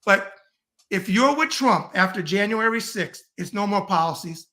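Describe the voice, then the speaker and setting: A man's voice: high-pitched, lively intonation, moderate pace, sharp tone. A middle-aged man from the United States, a podcast guest talking politics in a blunt, profane, emphatic rant. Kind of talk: heated political talk.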